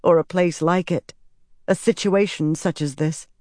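A woman's voice: on the low side, fairly even intonation, a little slow, darkish tone, no room sound, clean studio sound, lightly acted. A woman reading as a stern young healer. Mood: troubled.

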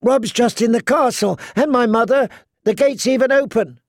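A man voicing a desperate, fierce young girl, high and pleading as she flees a battle. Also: normal speed, no room sound, clean studio sound.

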